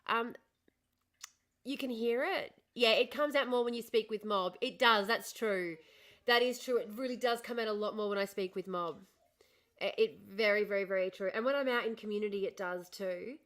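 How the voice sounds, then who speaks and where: This livestream host is a middle-aged woman from northern Australia whose accent is posh Australian. She chats easily, takes up viewers' comments and laughs often, her medium-pitched, slightly bright voice moving at a normal speed.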